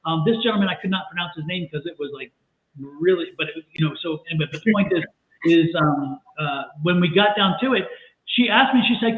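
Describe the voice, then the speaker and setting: A woman's voice: fairly low pitch, brisk. A woman who is a psychic medium, telling stories animatedly on a livestream and often repeating herself. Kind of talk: livestream chat. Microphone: video call. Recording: tinny echoey call audio.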